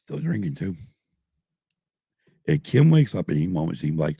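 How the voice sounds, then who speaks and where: A man's voice: low voice, very animated, normal speed, vocal fry, warm tone, slightly rough, no room sound, clean studio sound. A middle-aged man hosting a podcast live stream, rambling and swearing constantly while drinking. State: drinking, tipsy. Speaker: podcast host. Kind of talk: casual live-stream chat.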